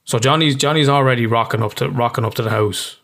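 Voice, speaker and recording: A man's voice: medium pitch, fast talker, a bit bright. A man with an Irish accent, a therapist, explaining ideas casually in an interview, swearing freely and often restarting his sentences.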